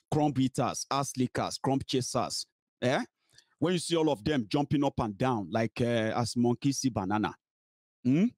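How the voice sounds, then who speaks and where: A man's voice: mid-range voice, a little mellow, no echo. Scolding Nigerian man, dry close sound. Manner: mocking and scolding, mixing pidgin and Yoruba. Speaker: political commentator. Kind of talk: heated political commentary.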